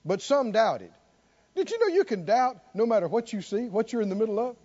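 A man preaching in a very high, lively voice, swinging between low murmurs and ringing near-shouts as he calls out to the congregation. The recording is dull and lo-fi. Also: fairly quick. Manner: call-and-response preaching, rising to near shouts. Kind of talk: sermon.

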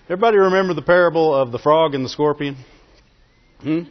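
Speaking quickly in a voice on the higher side, a man preaches in an easygoing, conversational manner, often breaking into laughter and calling for amens. He is a pastor, recorded in muffled lo-fi quality inside a resonant hall.

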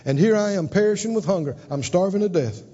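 Casting: emphatic man preaching, very high voice, echoing hall. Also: fast talker, dark tone. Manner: emphatic, call-and-response, dramatic swings in pitch and volume. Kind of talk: sermon. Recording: dull recording with long hall reverb.

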